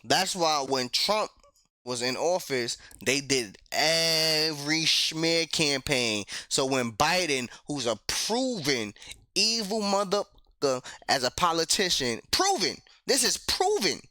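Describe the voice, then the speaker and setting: Animated, high-voiced man laughing a lot. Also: slow, dry recording, studio quality. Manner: animated, profane, laughs often. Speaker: reaction video host. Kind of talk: casual reaction commentary.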